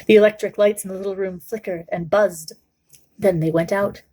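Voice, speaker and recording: A woman's voice: medium pitch, fairly even intonation, normal speed, darkish tone. Woman reading a children's novel aloud. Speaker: book club reader.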